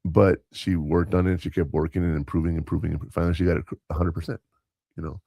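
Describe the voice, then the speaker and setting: A man's voice: sits low, flat delivery, racing, vocal fry, warm tone, breathy edge, no echo, studio quality. A man who works as a substitute teacher, co-hosting a podcast and telling rambling stories with quoted dialogue and self-corrections. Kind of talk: casual storytelling chat.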